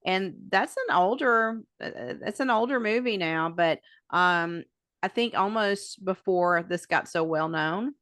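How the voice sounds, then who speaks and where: A woman's voice: fairly low pitch, measured pace, a bit bright, dry recording, clean studio sound. A woman co-hosting a podcast, chatting casually and thinking aloud with many fillers. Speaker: podcast co-host. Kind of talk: casual chat.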